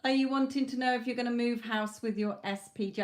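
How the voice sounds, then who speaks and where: A woman's voice: a little high, fairly even intonation, a little fast. A woman reading tarot on a live stream, close to a tablet mic, addressing viewers by name in a coaxing but firm way. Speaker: tarot reader. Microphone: tablet close to her mouth.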